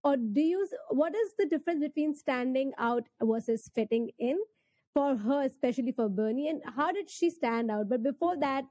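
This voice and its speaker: A woman host with a high voice and a soft, dark tone introduces her guest's story. She wanders through her question, restarting and rewording it, in a dry, close recording. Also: animated, moderate pace, no echo. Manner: rambling, rephrases questions as she goes. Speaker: interview host. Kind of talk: casual interview questions.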